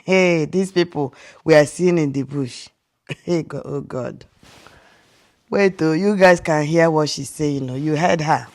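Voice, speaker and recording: Slow, incredulous Nigerian woman vlogger. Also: low voice, darkish tone. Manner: incredulous, rhetorical, with frequent restarts and laughs. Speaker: vlogger reacting to a clip. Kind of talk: casual reaction commentary.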